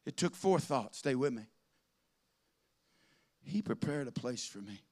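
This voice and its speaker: A man's voice: medium pitch, lively intonation, a little slow, darkish tone. A man preaching a sermon, telling folksy stories that rise into fervent preaching.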